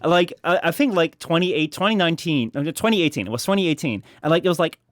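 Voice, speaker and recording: A man chatting casually as a podcast guest, rambling with many fillers and restarts and slipping into high mock voices. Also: animated, fast, dry recording, studio quality.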